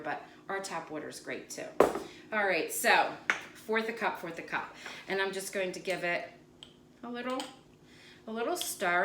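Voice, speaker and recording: A woman hosting a home cooking video, chatting casually and wandering into side stories as she demonstrates a recipe in her kitchen. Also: on the low side. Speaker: cooking channel host. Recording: echoey room with faint noise.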